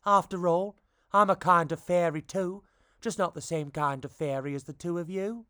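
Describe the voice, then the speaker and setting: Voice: mid-range voice, normal speed, bright, forceful tone, dry recording, studio quality, close to an everyday voice. A reader doing a weary old male sprite. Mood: aggrieved. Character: elderly, down-on-his-luck male sprite.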